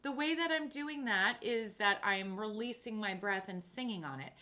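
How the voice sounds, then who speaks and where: A woman's voice: mid-range voice, expressive, normal speed, pushed and bright. A woman voice teacher on a live stream who explains vowel placement and breathing and sings the vowels of each exercise. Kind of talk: live-streamed singing lesson. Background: piano.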